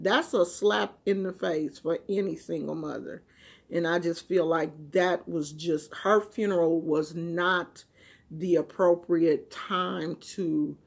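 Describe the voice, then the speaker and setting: A woman vlogger talking casually to the camera in an emphatic rant, dropping to low murmurs and then rising to loud, high outbursts.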